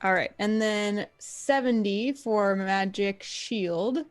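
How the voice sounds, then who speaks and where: A woman's voice: medium pitch, slow pace, faint music behind. A woman playing a tabletop game, thinking aloud and reading rules out in a casual way. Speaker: player.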